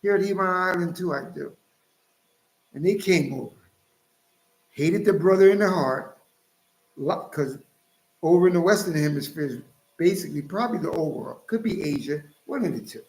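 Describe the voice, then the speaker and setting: A man's voice: on the high side, animated, moderate pace, pauses often, darkish tone. A man hosting his own channel, preaching emphatically and scolding his listeners as he cites scripture. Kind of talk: preaching commentary. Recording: roomy echo.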